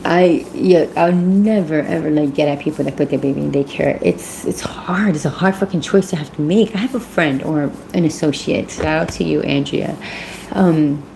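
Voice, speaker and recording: Gravelly low-voiced woman vlogger. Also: normal speed, warm tone, a little hiss or hum, poor audio. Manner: blunt, swears freely, rising to emphatic. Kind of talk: casual commentary vlog.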